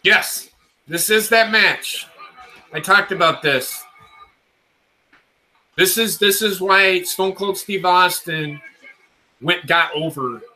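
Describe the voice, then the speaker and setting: Bright-voiced man swearing through wrestling commentary. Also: sits high, takes it slowly, pauses often, rough recording. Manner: blunt, swears constantly, enthusiastic. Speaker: host watching wrestling with viewers. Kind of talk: casual profane watch-along commentary.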